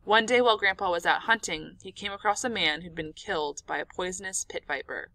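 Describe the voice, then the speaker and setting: A woman narrating an audiobook in an expressive, dramatic storytelling manner. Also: lowish voice, fairly quick, dry recording.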